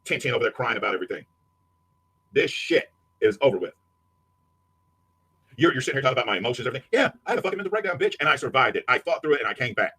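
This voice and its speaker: A man's voice: mid-range voice, big pitch swings, rapid-fire, pauses often, fairly bright tone, breathy edge, dry recording. A man delivering a profane, aggressive rant at a rival streamer, hurling insults. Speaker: livestreamer. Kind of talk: angry rant.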